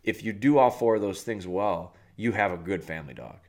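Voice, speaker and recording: A man's voice: lowish voice, fairly quick. A man hosting a dog training podcast, giving casual, plainspoken advice and talking the listener through everyday scenarios.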